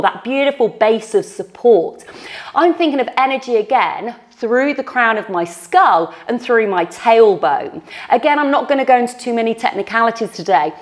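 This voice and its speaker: Woman, pilates instructor, encouraging cues, slightly breathless, close mic, higher-pitched. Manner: encouraging, counting reps while demonstrating. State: a little out of breath. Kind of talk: guided workout instruction. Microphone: microphone close to mouth.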